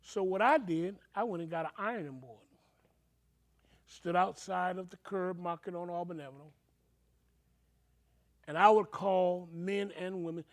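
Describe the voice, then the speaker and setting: A man's voice: high voice, unhurried, long pauses. An older man, a reverend telling his own story with emotion and acting out the voices of people he quotes. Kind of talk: personal storytelling.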